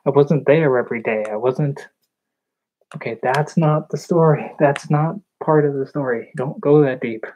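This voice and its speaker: A young woman telling a personal story in a vlog, hesitant and halting, with nervous laughs. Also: deep voice, mellow, a little hiss or hum. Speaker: vlogger. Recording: slightly dull lo-fi recording.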